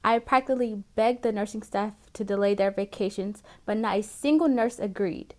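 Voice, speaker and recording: A man's voice: high-pitched, moderate pace, a little mellow, voice pushed up, natural voice. A man voicing a frightened young woman nurse who pleads earnestly in a shaky voice. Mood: defensive.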